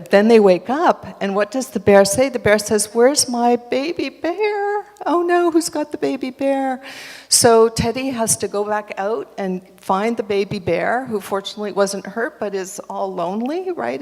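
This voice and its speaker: A woman telling an interactive children's story at a church service, animated and directing children as they hold up props. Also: mid-range voice, normal speed. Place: church sanctuary. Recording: echoey church hall.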